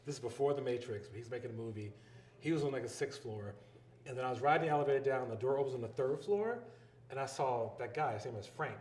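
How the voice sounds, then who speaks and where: A man's voice: medium pitch, fast. A man with a Philadelphia accent, a filmmaker and educator, telling stories in an interview and acting out the people in them. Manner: animated storyteller, acts out quoted voices. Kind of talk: storytelling interview talk. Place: live event venue. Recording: roomy live event recording.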